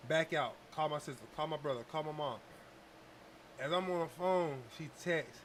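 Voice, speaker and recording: A man's voice: fairly high pitch, normal speed, a little hiss or hum. Slangy man telling stories casually. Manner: loose slangy storytelling, animated retellings. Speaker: podcast host. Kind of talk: casual storytelling talk.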